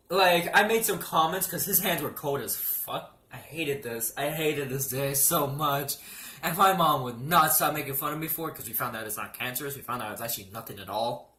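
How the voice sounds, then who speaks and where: A young man telling a storytime vlog anecdote, animated and joking, with swearing and stammers. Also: a little high, echoey room. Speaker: vlogger.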